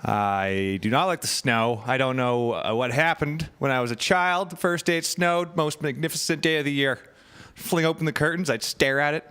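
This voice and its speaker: A man's voice: mid-range voice, moderate pace, hardly any pauses, sharp tone, clean tone. A man doing a stand-up set on a club stage, telling wry stories in a dry manner. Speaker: stand-up comedian.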